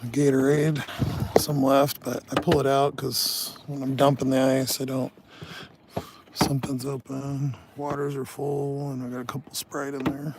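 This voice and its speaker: A man's voice: mid-range voice, monotone, unhurried, vocal fry, heavy background noise. A man chatting casually in a vlog, grumbling and swearing as he tells a story and works outdoors by his vehicle. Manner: grumbling, swears a lot while ranting. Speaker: vlogger.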